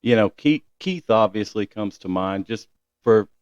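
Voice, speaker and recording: A man's voice: lowish voice, lively intonation, a little slow, darkish tone, clear, resonant tone, dry recording, dull audio. A man guesting on a podcast, laid-back and slangy, often calling people dude. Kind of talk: casual podcast chat.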